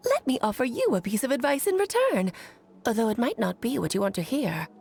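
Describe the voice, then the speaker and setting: A teasing sly sorceress. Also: female voice, on the high side, very animated, a little fast, gravelly, a little mellow, a little hiss or hum. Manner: teasing, theatrical.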